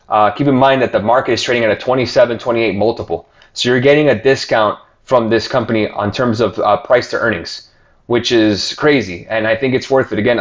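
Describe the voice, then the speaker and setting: A man's voice: medium pitch, highs cut off. A man hosting a casual stock market commentary show, talking loosely with many fillers and reading out viewer questions. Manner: conversational, filler-heavy, reads viewer questions aloud.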